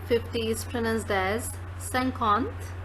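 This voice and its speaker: A woman's voice: medium pitch, measured pace, a bit bright, a little hiss or hum, poor audio. A woman teaching numbers, saying each one twice, plainly. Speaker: French teacher. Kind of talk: slow spoken lesson with repetitions.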